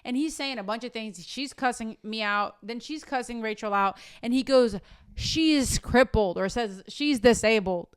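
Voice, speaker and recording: Blunt, sassy woman with a smooth voice. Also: on the high side, moderate pace, hardly any pauses, no room sound, studio quality. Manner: blunt, sassy storyteller who curses freely. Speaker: podcast co-host. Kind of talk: casual podcast chat.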